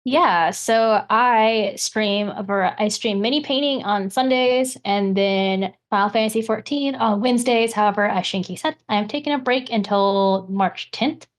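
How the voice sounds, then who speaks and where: A woman player chatting casually and quickly about her streaming plans. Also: mid-range voice.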